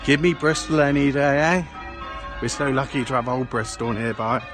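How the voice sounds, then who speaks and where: This casual walking vlog features a man wandering a small town outside, chattering loosely and ending remarks with "eh?" as a tag question. He has a mid-range voice at normal speed, and music plays in the background.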